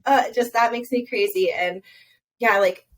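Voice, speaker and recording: A young woman talking casually as a podcast guest, emphatic and fast, with lots of "like" fillers. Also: on the high side, low-quality recording.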